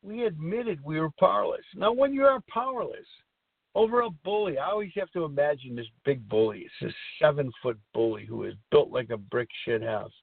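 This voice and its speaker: A man's voice: fairly high pitch, lively intonation, a little fast, creaky, breathy edge, no echo. A middle-aged man hosting a recovery talk show, speaking in a rambling, earnest way and repeating himself. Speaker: podcast host. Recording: tinny phone-like line.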